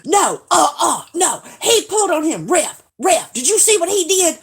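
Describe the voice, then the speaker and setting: A woman imitating her excitable older mother, who shouts and scolds the referees while watching football on TV. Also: extremely high pitch, moderate pace, pitched above the performer's own voice, heavily acted. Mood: heated.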